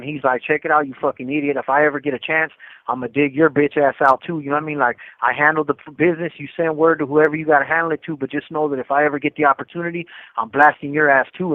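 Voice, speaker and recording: A middle-aged man telling a rough prison story in a quick, profane, filler-heavy way on a live call-in show. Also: a little high, no echo. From California. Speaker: co-host. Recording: tinny phone line, dry.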